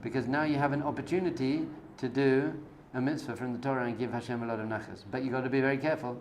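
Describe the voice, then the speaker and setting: A man's voice: medium pitch, fairly even intonation, fast, darkish tone, a little hiss or hum. A man, a rabbi, giving an informal spoken lecture to a live group, coaching them directly with everyday analogies in a conversational tone. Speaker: rabbi teaching a class.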